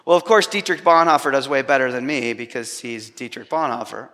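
A man's voice: medium pitch, fairly quick, fairly bright tone. A man preaching a sermon, telling a personal story with self-deprecating humor. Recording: long hall reverb.

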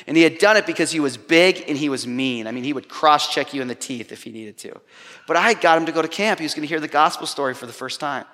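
Male preacher, fairly high voice, wry self-mocking storyteller, long hall echo. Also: fast, pushed and bright. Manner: self-deprecating, humorous storytelling. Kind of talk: storytelling sermon.

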